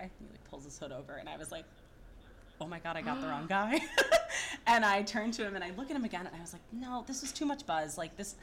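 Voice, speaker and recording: A woman's voice: fairly low pitch, fast talker, background noise. A woman in her thirties, a podcast guest, chatting casually and acting out quoted lines as she tells a story. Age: 30s. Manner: animated storyteller, acts out quoted dialogue. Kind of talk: casual chat.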